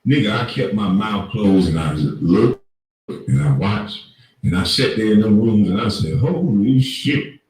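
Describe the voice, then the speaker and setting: A man's voice: on the low side, measured pace, a little mellow. A man, ranting on camera as an online commentator in a profane, mocking, confrontational way. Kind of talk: ranting monologue. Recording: very echoey room, far from the mic.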